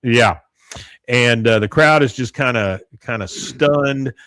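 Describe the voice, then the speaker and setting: A man's voice: medium pitch, no room sound. A man co-hosting a podcast, recapping a television episode in casual chat with many fillers and acted-out quotes. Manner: halting, many fillers, animated when quoting.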